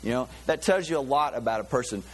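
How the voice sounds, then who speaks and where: A pastor giving a sermon in a loose, conversational way, with many fillers and restarts. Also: male voice, mid-range voice, fast, slight background noise. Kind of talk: sermon with a joke.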